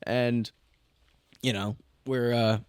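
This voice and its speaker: A man's voice: medium pitch, little pitch movement, takes it slowly, smooth, no echo, studio quality. A young adult man co-hosting a podcast in casual chat, joking and swearing as he rants. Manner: profane, ranting, jokey. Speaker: podcast co-host.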